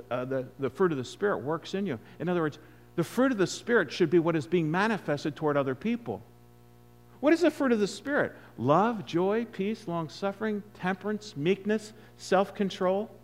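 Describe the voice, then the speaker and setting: A male preacher giving an expository sermon, emphatic, with loud stresses and hushed asides. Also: high-pitched, lively intonation, normal speed, faint music behind.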